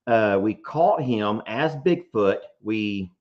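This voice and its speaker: A man hosting a casual live show, telling stories in an animated way, often laughing. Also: fairly low pitch, slow. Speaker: host. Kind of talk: casual livestream chat. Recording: dull lo-fi stream audio.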